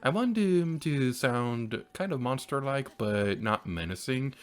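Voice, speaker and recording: A man's voice: medium pitch, animated, measured pace. A man hosting a let's play, chatting casually over his gameplay and laughing often.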